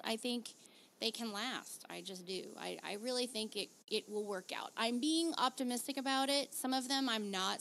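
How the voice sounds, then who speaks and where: A woman hosting a podcast in casual, animated chat, laughing easily as she talks. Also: mid-range voice, vocal fry. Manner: chatty, animated, quick laughs. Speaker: podcast host.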